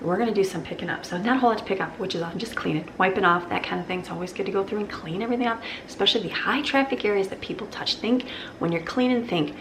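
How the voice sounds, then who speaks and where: A woman's voice: mid-range voice, rapid-fire, noisy background. A woman, a homeschooling mom, chatting casually and cheerfully in a vlog from her home kitchen. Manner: upbeat, chatty, gushing.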